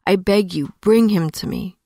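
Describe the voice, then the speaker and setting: A woman's voice: mid-range voice, normal speed, warm tone, no echo, clean studio sound, lightly acted. A woman reading a tearful, grief-stricken young princess. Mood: pleading. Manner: tearful, pleading and despairing. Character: grieving young princess, broken-hearted wife.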